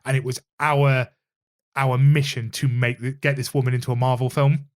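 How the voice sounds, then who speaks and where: A man co-hosting a relaxed podcast, chatty and teasing as he tells a story. His voice sits at a middle pitch for a man, with loose, informal delivery. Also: normal speed. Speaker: podcast co-host. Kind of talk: casual chat.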